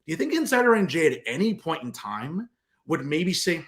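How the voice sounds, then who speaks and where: A man hosts a political commentary show in a combative, sarcastic monologue aimed straight at his viewers. His voice sits a bit high for a man and swings widely in pitch as he jabs at his targets. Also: wildly swooping pitch, moderate pace, a bit bright.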